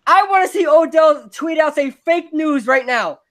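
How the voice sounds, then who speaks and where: A woman's voice: sits high, moderate pace. A woman hosting a live sports podcast, ranting in exasperation and repeating herself. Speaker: podcast host.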